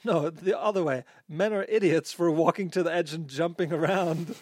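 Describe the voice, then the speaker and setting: A man's voice: on the high side, normal speed, no echo. A man hosting a casual podcast chat, joking around and reading short excerpts aloud. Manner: reads excerpts aloud, jokey. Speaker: podcast host.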